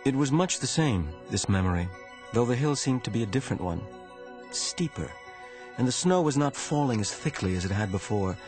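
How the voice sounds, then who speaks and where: A man narrating a novel in a measured storytelling manner. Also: expressive, music in the background. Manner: measured storytelling, rising in pitch during tense passages. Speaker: audiobook narrator. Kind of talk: scripted narration.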